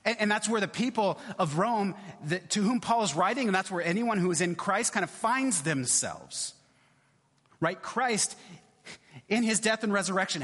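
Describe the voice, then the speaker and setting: A man's voice: sits high, fairly bright tone, breathy edge, in a large hall. A male pastor giving a conversational sermon in church, often checking in with his listeners. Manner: conversational, repeats "right?" often.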